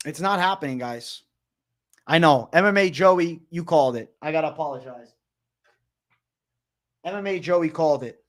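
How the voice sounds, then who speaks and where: A young man hosting a livestream, talking excitedly and repeating himself, swearing often and calling his viewers bro. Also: a little high, moderate pace, pauses often. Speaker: livestream host. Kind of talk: livestream commentary.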